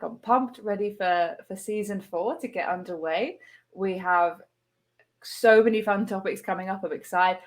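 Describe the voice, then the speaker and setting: An English woman hosting a livestream show over a video call, chatty and enthusiastic. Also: fairly low pitch. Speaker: host.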